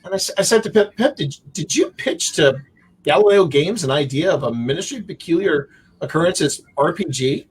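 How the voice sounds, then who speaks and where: A man's voice: on the high side, expressive, a little fast, slightly rough, poor audio. A man on a video call telling jokey stories as a livestream guest. He acts out the people he quotes. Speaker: guest author. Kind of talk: casual storytelling on a livestream.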